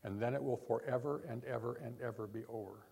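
An older man, a pastor, preaching a sermon in church in an earnest, repetitive way, talking from the heart rather than yelling. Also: mid-range voice, fast, gravelly, slightly rough.

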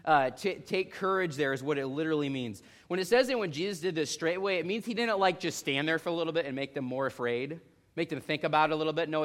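This expository sermon comes from a young man with a fairly high pitch and a quick pace. His storytelling is lively, and he gives each person in the account their own acted-out voice.

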